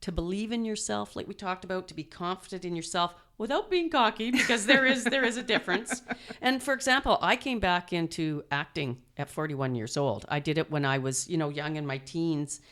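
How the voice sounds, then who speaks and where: A middle-aged woman telling animated stories as an interview guest, laughing often and acting out quotes. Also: lowish voice, a little fast. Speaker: guest, mother and performer. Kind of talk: storytelling interview.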